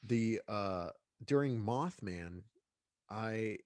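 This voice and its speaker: A congested man speaks in a fairly low voice, a guest in a relaxed interview. He rambles, circles back and restarts his sentences often, with plenty of fillers. The sound is dry and close. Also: drawn-out words, no room sound. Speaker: guest filmmaker. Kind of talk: casual interview chat.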